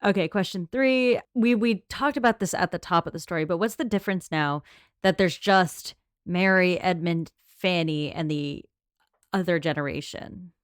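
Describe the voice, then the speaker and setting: Woman cohost running the podcast questions, lowish smooth voice, chatty and organized. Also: normal speed, no echo, studio quality. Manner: leads the segments, organized and talkative. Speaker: podcast co-host. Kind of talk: casual book discussion.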